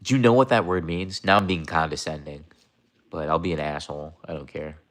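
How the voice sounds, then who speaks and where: A man's voice: very deep voice, steady tone, brisk, fairly bright tone. A young man hosting a casual livestream, rambling and repeating himself as he talks to chat, sometimes mocking viewers. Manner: mocking, confrontational toward viewers. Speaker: livestream host.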